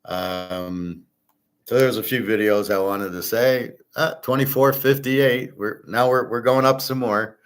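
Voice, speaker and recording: A blunt man hosting a casual commentary show. His voice sits somewhat low, and he rants freely, cursing as he makes his points. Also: steady tone, measured pace, clean tone. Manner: blunt, ranting, swears freely. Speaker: host.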